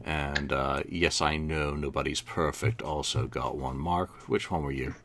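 A man with a low, deep voice hosts a casual podcast chat. He moves briskly through a list and drops dry asides as he goes. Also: steady tone, fairly bright tone. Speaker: podcast host.

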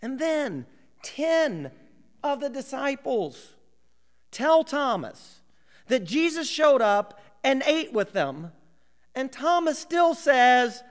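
A male pastor delivers a sermon at an unhurried pace, his voice high and full of swooping rises and falls. He acts out the voices of biblical characters and sometimes drops to a hushed whisper for emphasis. His words ring out with a long echo through a church hall. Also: lively intonation.

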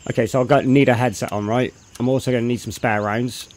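A man's voice: mid-range voice, fairly even intonation, fast talker. Chatty man streaming a game. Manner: chatty, thinks aloud, greets chat loudly. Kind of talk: live gameplay commentary.

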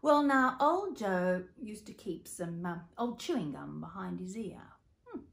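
Australian female storyteller for children, unhurried, playful, interactive with listeners. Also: on the low side, vocal fry. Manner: playful, animated sound effects, addresses listeners.

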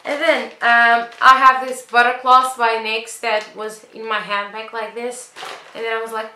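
A woman's voice: on the high side, level tone, moderate pace, pushed and bright. Chatty, dramatic woman vlogger, echoey room. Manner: chatty, dramatic complaints, self-mocking. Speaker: beauty vlogger. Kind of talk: casual product review. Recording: echoey room with faint noise.

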